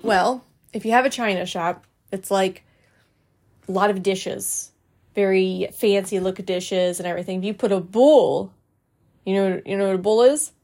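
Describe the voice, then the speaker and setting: A mother reading a children's book aloud and gently explaining words to a child. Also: medium pitch, normal speed. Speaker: parent reading stories.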